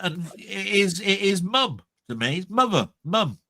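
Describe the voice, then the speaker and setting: A man's voice: high-pitched, sing-song, measured pace, sharp tone, no room sound, studio quality. A man from the south of England hosting a live stream, joking and rambling in casual chat. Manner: joking, rambling, prone to mock rants.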